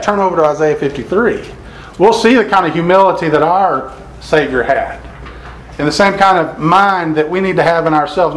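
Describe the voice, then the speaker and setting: A man with a slightly raised voice preaches a sermon in an earnest manner. He reads scripture slowly and deliberately. His voice echoes around the room. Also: fairly high pitch, slight background noise.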